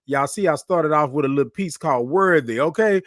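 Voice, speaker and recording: A man's voice: on the high side, fairly quick, no room sound, clean studio sound. A man hosting a casual live stream, upbeat and effusive, greeting viewers by name and reading their comments aloud. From Houston, Texas. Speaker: livestream show host.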